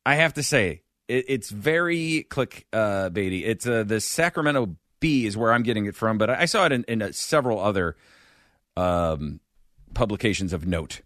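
A man hosts a comedic podcast chat with sardonic, animated delivery. His voice is bright and sits a little high, and his pitch swings widely. The sound is dry and close. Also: normal speed, dry recording. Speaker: podcast host.

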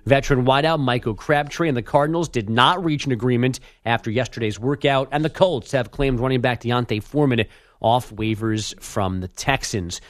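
A man's voice: medium pitch, moderate pace, no echo. A man hosting sports radio, reading a sports news update with dry, teasing remarks.

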